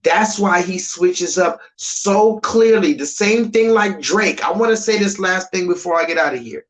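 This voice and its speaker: A man's voice: high voice, normal speed, a bit bright, rough recording. A man ranting on a live stream, emphatic and repetitive, swearing freely.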